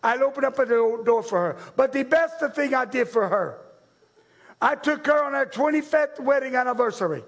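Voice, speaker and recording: A man voicing an older Italian husband in an attempted Italian accent, delivering a joke deadpan. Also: extremely high pitch, normal speed, vocal fry, heavily acted.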